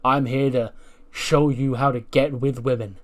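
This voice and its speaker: A man's voice: mid-range voice, steady tone, measured pace, close to an everyday voice. A man voicing a cocky, sleazy male wrestler giving dating advice backstage. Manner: slick, cocky, overfamiliar.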